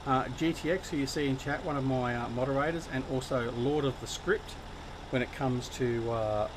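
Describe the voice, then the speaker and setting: Hosting a gaming stream, this Australian guy greets viewers by name, pokes fun at himself, and keeps the chat casual. He speaks at medium pitch and a moderate pace over a noisy background.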